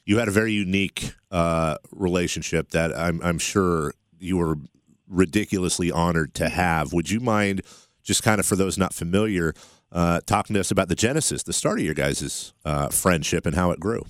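A man's voice: low voice, normal speed, no echo, studio quality. A man hosting a morning radio show, introducing and questioning a guest in a friendly, rambling way. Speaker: radio host.

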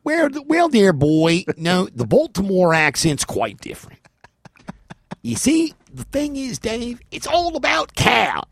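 A man putting on a pompous, plummy gentleman's voice to lecture a co-host on a radio show. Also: high voice, huge pitch swings, unhurried, vocal fry, breathy edge, no echo, pitched above the performer's own voice, exaggerated voice. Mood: condescending.

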